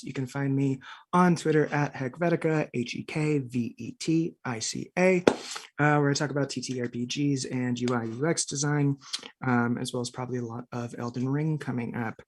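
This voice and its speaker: A player gives casual thanks at the end of a live tabletop stream. The talk is loose and rambling, full of ums and uhs, at a middle pitch.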